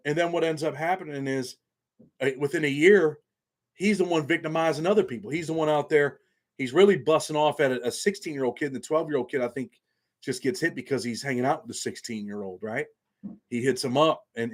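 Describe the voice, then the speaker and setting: A man hosting a casual livestream, talking bluntly in street slang. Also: fairly high pitch. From New York. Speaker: channel host.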